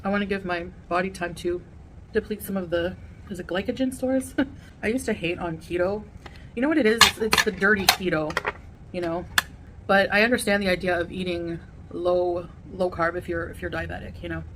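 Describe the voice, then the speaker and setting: A woman's voice: lowish voice, fairly even intonation, moderate pace, fairly bright tone, a little hiss or hum. Chatty woman talking between bites. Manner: chatty and rambling, eating between words. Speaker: vlogger. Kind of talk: casual eating vlog chat.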